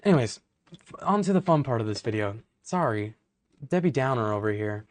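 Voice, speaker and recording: A young man rants heatedly to camera, rambling from point to point. He fills gaps with "like" and "uh" and swears freely. His voice sits at an ordinary pitch, and the sound is dry and close. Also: lively intonation, brisk, dry recording. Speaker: vlogger. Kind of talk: ranting to camera.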